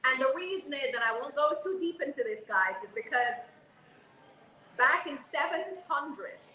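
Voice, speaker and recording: A woman in her forties co-hosting a casual panel chat, an animated storyteller who keeps checking in with "okay?". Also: high voice, moderate pace, echoey room, rough recording. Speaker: co-host.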